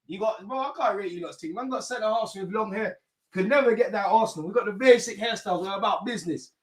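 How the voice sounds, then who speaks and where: A young man hosting a live football watch-along, chatting in street slang and shouting when goals go in. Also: high voice, fast talker.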